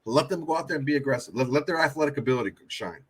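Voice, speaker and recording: A man's voice: mid-range voice, lively intonation, racing, slightly rough. A man co-hosting a casual sports podcast, blunt and emphatic, swearing heavily. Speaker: podcast co-host.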